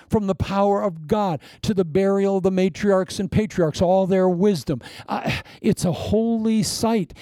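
A pastor preaching a sermon in an animated style, full of laughing asides and playacted anecdotes. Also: male voice, fairly high pitch, no echo.

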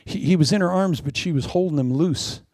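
A middle-aged man preaching a sermon in an animated, preacherly way, with playful asides and laughter. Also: fairly high pitch, a little fast, noisy background. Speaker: pastor.

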